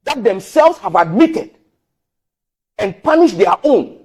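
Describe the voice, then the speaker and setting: A man from Ghana argues with insistent force, his high voice rising and falling in lively swings. There is a husky edge to his voice as he presses his case in a heated political debate. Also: slow. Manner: emphatic, insistent, animated. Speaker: member of parliament guest.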